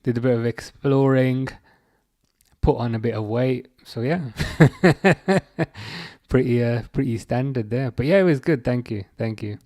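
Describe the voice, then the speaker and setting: Reading viewers' chat aloud during a live football watchalong, this host answers casually but haltingly, with lots of fillers and false starts. His voice is mid-range with a somewhat dark tone.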